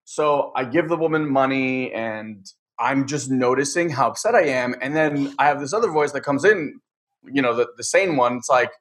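A man's voice: medium pitch, normal speed, fairly bright tone. A man in casual chat, telling a personal story candidly, rambling with many fillers.

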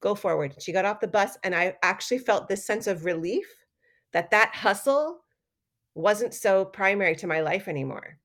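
A middle-aged woman telling stories in a casual interview, animated and acting out quoted lines with laughter. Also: medium pitch, normal speed. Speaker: guest artist and educator.

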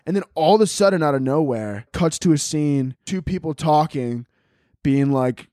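A man's voice: a little high, moderate pace, darkish tone, no echo, studio quality. A man hosting a podcast, telling a rambling, profane comic story. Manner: rambling, profane, laughing often. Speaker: podcast host. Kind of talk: casual comedic storytelling.

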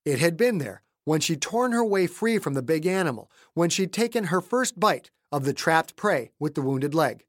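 A man's voice: on the high side, animated, normal speed, hardly any pauses, no echo, studio quality. Male narrator, dramatic audiobook reading. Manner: dramatic, shifting between hushed and shouted voices. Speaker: author and narrator.

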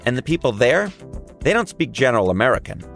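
A man's voice: mid-range voice, big pitch swings, fast talker, gravelly, a bit bright, soft background music. A young man with a New York accent, hosting a podcast with playful, jokey narration. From New York area. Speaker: podcast host. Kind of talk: scripted podcast narration and chat.

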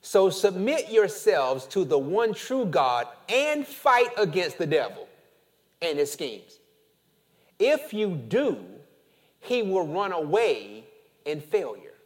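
A man preaching a sermon as pastor, animated, with call-and-response and casual storytelling asides. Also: sits high, slow.

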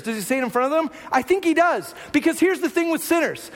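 A man preaching a sermon as pastor in a conversational way, dropping to hushed lines and rising to raised ones. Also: extremely high pitch, expressive, fairly quick, few pauses. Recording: long hall reverb.

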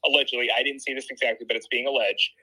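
Sharp-voiced man explaining a story. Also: mid-range voice, fairly even intonation, racing, slightly rough, rough recording. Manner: explains at length, agrees often. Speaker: podcast co-host. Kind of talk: casual podcast chat.

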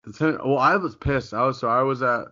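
A man's voice: medium pitch, fast talker, bright, forceful tone. A man hosting a podcast in casual chat, rambling and often breaking off mid-thought with a laugh. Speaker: podcast host. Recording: dull lo-fi podcast audio.

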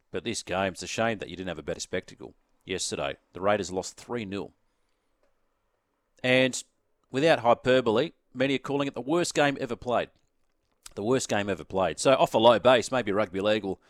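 A man's voice: mid-range voice, dry recording, clean studio sound. A man with an Australian accent hosting talk radio, delivering an opinion editorial and repeating key phrases for emphasis. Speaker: radio sports host.

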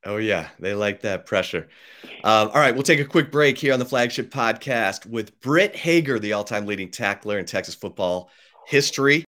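A man hosting a podcast interview. He talks in a conversational way, with quick asides and folksy turns of phrase. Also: on the low side, animated, sharp tone. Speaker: podcast host. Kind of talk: casual interview talk.

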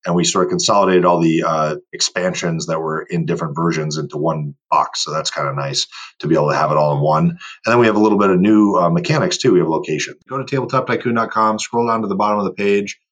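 A man's voice: low-pitched, fast, few pauses, a bit bright. A man speaking as a guest in a casual podcast interview, emphatic and motivational. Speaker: guest, board game company owner.

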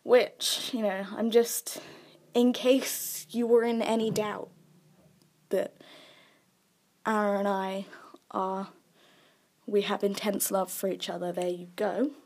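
A young woman hosting a solo podcast, chatty and self-mocking, dropping into soft asides. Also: medium pitch, flat delivery, slow pace, long pauses. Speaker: podcast host.

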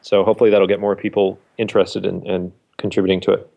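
Man, lowish voice, rambling casual panel talk full of ums and restarts. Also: level tone, fast talker, gravelly, mellow, dull audio. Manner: hesitant, many fillers and restarts. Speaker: podcast panelist. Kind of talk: casual chat.

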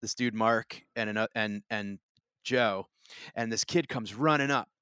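A man's voice: lowish voice, measured pace, a bit bright, smooth, dry recording, clean studio sound. A man co-hosting a podcast, telling a long story in casual chat, full of restarts and fillers. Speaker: podcast co-host.

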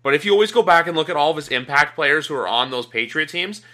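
Rambling, bright-voiced football talker. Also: male voice, on the high side, fast. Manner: rambling, many fillers, talks in long runs. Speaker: podcast co-host. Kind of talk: casual sports debate.

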